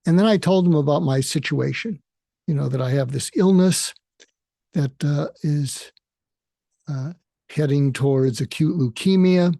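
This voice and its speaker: Gravelly, husky man musing aloud. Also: fairly high pitch, warm tone, dry recording, studio quality. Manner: halting, with frequent fillers and restarts. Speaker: podcast host and therapist. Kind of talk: reflective spoken monologue.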